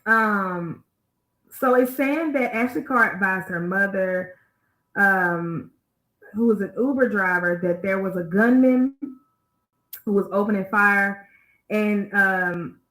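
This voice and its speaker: A woman hosts a casual online radio show, talking to her listeners with plenty of fillers and direct asides while she is still out of breath. Her voice is bright and sharp. The sound rings in a roomy, echoey space. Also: mid-range voice, takes it slowly. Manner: chatty, addresses listeners as y'all, many fillers. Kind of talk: casual news talk.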